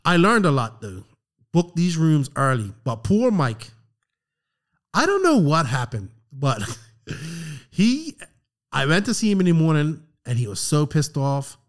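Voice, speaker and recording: A middle-aged man telling a story on a podcast, animated and profane, acting out the lines of the people in it. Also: a little high, a little slow. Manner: animated, profane, acts out quotes. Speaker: podcast co-host. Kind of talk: casual storytelling chat.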